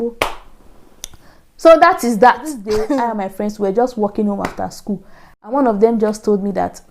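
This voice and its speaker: A Nigerian woman vlogger telling a personal story in a lively, animated way, acting out the voices she quotes. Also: medium pitch, moderate pace, vocal fry, slight background noise. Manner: animated, acts out quoted voices, frequent laughs. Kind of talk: casual storytelling.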